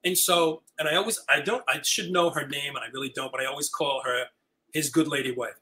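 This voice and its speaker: An older man, a retiring high school teacher, telling stories as an interview guest and acting out the dialogue. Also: fairly quick, rough recording. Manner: animated, acts out quoted dialogue. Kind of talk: storytelling chat.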